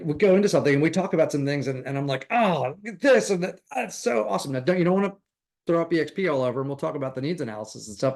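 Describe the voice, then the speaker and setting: A man teaching a class on recruiting real estate agents, talking casually and acting out little conversations as he goes. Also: a little high. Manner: animated, acts out dialogue with changing voices. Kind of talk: casual coaching talk.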